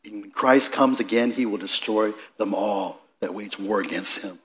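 A man teaching a Bible study in a conversational way, with frequent restarts and asides, rising in emphasis and then dropping to quiet remarks. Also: on the low side, normal speed.

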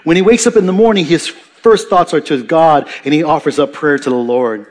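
Preacher with swinging intensity. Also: male voice, fairly high pitch, moderate pace. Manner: dynamic preaching, rising for emphasis and dropping soft; conversational asides and self-corrections. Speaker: pastor. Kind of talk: sermon.

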